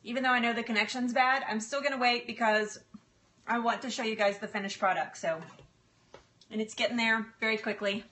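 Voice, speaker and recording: Speaking a little fast in a fairly high, steady voice that is bright and forceful, this middle-aged woman hosts a casual cooking livestream from her home kitchen. She's a health coach who chats, apologizes, laughs a lot, and fills pauses with fillers.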